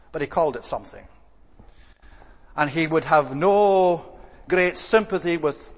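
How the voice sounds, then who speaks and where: Man preaching in a reverberant hall. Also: fairly high pitch. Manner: earnest, measured preaching with emphatic repetition. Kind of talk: sermon.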